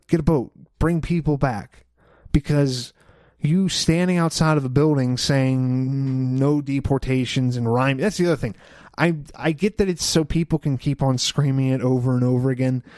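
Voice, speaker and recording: A man's voice: medium pitch, a little mellow, dry recording, clean studio sound. A young man hosting a solo podcast, rambling through his opinions with many fillers and restarts. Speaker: podcast host. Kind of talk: casual solo podcast monologue.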